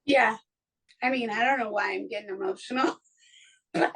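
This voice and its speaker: A woman's voice: fairly high pitch, moderate pace, fairly bright tone, low-quality recording. A woman hosting a podcast from her home studio, chatting casually in an effusive, emotional way, with many restarts. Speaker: podcast host. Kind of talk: casual chat.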